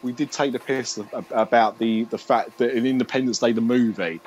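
A man's voice: medium pitch, steady tone, a little fast, a little mellow, breathy edge, rough recording. A British man hosting a podcast in casual, rambling chat, joking, swearing and laughing as he talks. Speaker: podcast host.

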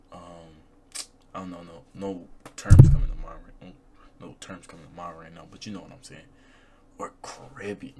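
Deep-voiced laid-back slangy young man. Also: warm tone, slight background noise. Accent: Southern US. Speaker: YouTuber reacting to videos. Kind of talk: casual reaction commentary.

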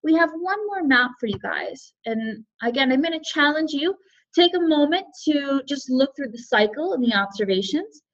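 High-pitched woman running a webinar, friendly, reads out chat guesses, kinda muffled lo-fi audio. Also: lively intonation, normal speed, fairly bright tone. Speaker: webinar presenter for educators. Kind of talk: live online teaching webinar.

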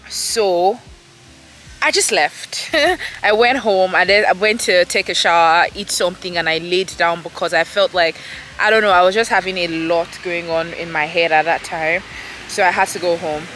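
A woman's voice: fairly low pitch, normal speed, fairly bright tone, a little hiss or hum. Chatty young woman vlogging to camera. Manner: chatty, talks straight to viewers, restarts and rephrases. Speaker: lifestyle vlogger. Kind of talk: casual vlog talk to camera. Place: indoors at home, later walking outdoors in a city.

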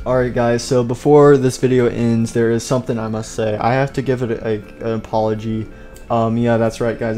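Young male gaming host, mellow tone, rambling and jokey, mock-serious eulogies, light music behind. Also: mid-range voice. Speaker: gaming YouTuber. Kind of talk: gameplay commentary.

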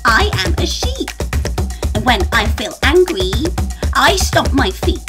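A woman's voice: high voice, big pitch swings, slow, full character voice. A woman singing as a young sheep who stomps when angry, in a children's song, with a sweet voice. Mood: playful. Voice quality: sweet, sung. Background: loud music.

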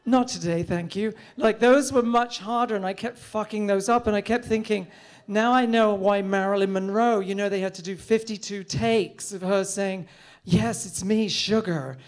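Witty, theatrical middle-aged Englishman. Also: sits high. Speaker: storyteller. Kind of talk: live comic storytelling.

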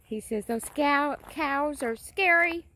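Outdoors on her farm, a woman films a casual vlog and coaxes a puppy in a sing-song voice. She speaks slowly in a high, pushed, bright tone.

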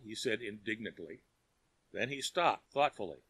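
A man narrating an audiobook of a short story with expressive storytelling. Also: medium pitch, moderate pace, no echo.

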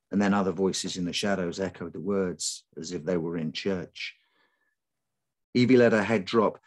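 A man reading his own folk horror story aloud to a live audience, with measured, unhurried narration. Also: low voice.

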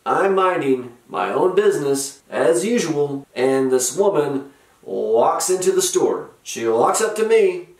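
A middle-aged man with a slightly high voice tells his comic stories in a slow, deadpan way, grumpy and sarcastic throughout. He sits back from the mic, and the room around him rings. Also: recorded from a distance. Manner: sardonic, dry, grumpy. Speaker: comedic storyteller host. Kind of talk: deadpan comic retail storytelling. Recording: roomy echo, from off-mic.

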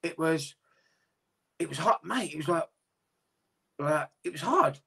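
A man's voice: on the high side, lively intonation, measured pace, vocal fry, fairly bright tone, husky. A man, a boxer talking candidly and at length in a casual interview, swearing freely.

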